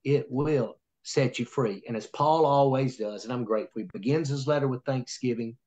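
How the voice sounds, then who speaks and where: A man's voice: medium pitch, moderate pace, darkish tone. A man teaching scripture like a sermon, folksy and earnest. He keeps tossing "right?" to his listeners as he builds toward a point. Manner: folksy, preacherly, often asks "right?". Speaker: pastor leading Bible study. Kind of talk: informal sermon-style Bible teaching.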